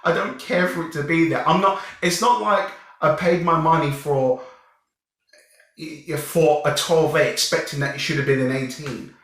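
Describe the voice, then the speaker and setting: A young man reviewing a film in a casual, animated way, often restarting his sentences and sounding exasperated. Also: fairly high pitch, normal speed. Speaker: movie reviewer. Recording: very echoey room.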